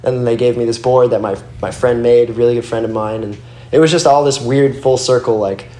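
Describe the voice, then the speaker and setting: A young skateboarder appearing as a guest swaps loose, meandering stories, swearing and leaning on "like" a lot. He speaks briskly in a steady, mellow, medium-pitched voice. The sound is roomy and echoey.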